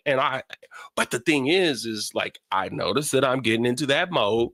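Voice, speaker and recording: A middle-aged man hosting a casual spiritual talk, telling stories with animated acted-out quarrels in a high voice. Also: moderate pace, no room sound, clean studio sound. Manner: animated storytelling, acts out family quarrels in a high voice. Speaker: host.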